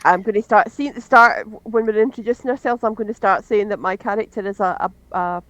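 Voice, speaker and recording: A woman's voice: medium pitch, quick pace, a bit bright, no room sound, dull audio. A woman playing a tabletop game, chatty and rambling, often speaking as her character. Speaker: player. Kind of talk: casual tabletop game chat.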